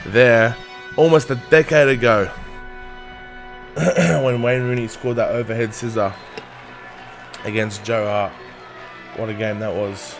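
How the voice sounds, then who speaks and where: A young man hosting a football watchalong, chatting casually and passionately with frequent swearing. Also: mid-range voice. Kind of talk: casual live match commentary.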